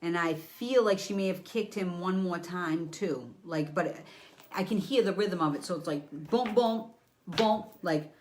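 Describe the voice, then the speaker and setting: Here a lowish, unhurried woman's voice belongs to a psychic medium reading live for her audience. She's lively and crude, playing out moments with sound effects while talking to someone off-screen.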